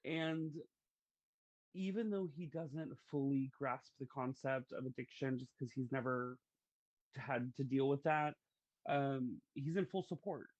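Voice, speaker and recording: A man's voice: mid-range voice, unhurried, a little mellow, no echo, dull audio. A man hosting a podcast, telling stories in a chatty, casual way. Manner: chatty, storytelling, uses fillers. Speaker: podcast host. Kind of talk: casual conversation.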